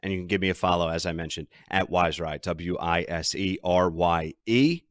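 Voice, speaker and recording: A man's voice: low-pitched, normal speed, no echo, clean studio sound. A man hosting a sports betting podcast, ranting and emphatic as he talks through his team's troubles. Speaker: podcast host.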